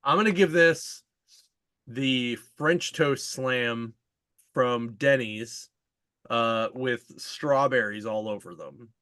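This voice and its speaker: A man hosting a comics podcast in casual chat, retelling a story excitedly with lots of fillers and laughter. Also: mid-range voice, slow pace, no room sound.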